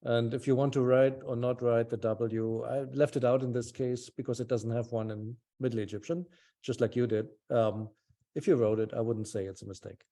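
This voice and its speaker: A man's voice: medium pitch, steady tone, moderate pace, warm tone. A man teaching a small language class over a video call, patient and encouraging, thinking aloud with fillers.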